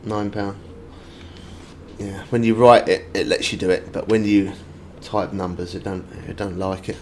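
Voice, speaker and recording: A man's voice: low-pitched, little pitch movement, moderate pace, darkish tone, slight background noise. A British man from the UK streaming a fishing game, chatting casually and answering viewer comments as he plays. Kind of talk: casual live-stream chat.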